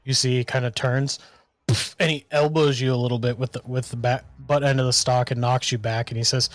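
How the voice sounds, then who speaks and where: A man's voice: medium pitch, level tone, a little fast, dry recording, faint music behind. A man narrating a tabletop game as game master, in a loose, hesitant way. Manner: loose, hesitant, full of restarts.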